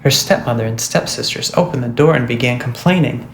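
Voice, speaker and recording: A man narrating a fairy tale storybook in a steady, measured way. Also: medium pitch, roomy sound, a little hiss or hum, rough recording. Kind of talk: storybook reading.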